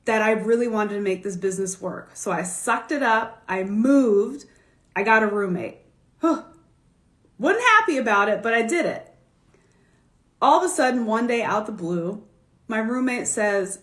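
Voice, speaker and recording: A woman's voice: on the high side, lively intonation, moderate pace, echoey room. A woman stylist talking casually on a live stream, telling candid stories with laughter and the odd swear word. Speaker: fashion stylist and business coach. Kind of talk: casual livestream talk. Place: home, recorded for a social media live stream.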